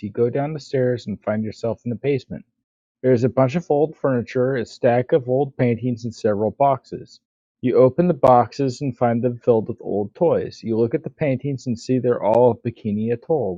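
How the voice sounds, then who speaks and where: A man's voice: mid-range voice, dark tone, no room sound, highs cut off. A man hosting a livestream, chatting casually and reading out a text adventure story. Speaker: livestream host.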